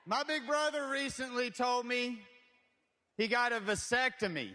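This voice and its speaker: A man's voice: very high voice, a little slow, pushed and bright, in a large hall, a little hiss or hum. A man doing a dry, self-deprecating stand-up set. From Eastern Kentucky. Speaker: stand-up comedian.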